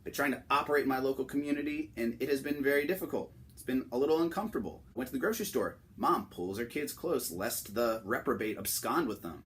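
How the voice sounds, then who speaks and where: A young man hosting a satirical comic monologue, delivered deadpan and mock-serious. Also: mid-range voice, a little hiss or hum. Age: young adult. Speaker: host.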